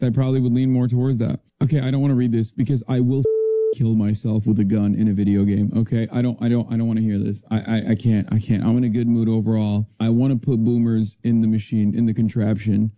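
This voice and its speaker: A man's voice: mid-range voice, no echo. An exasperated man rants sarcastically, his voice in a middle range. The clip sounds dull and lo-fi. There is little room sound. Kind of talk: podcast commentary, playing a clip. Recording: dull, dry played clip.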